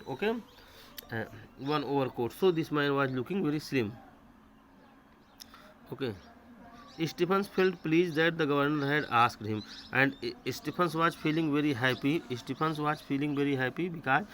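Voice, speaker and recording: A man's voice: medium pitch, a bit bright, slight background noise, rough recording. A man teaching a literature class, reading each line aloud and then repeating and paraphrasing it in simple words.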